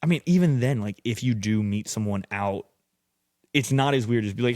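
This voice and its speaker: A man's voice: medium pitch, normal speed, a little mellow, no room sound, studio quality. A man as a podcast guest, telling stories loosely and casually, swearing a lot and acting out what people said. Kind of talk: casual storytelling.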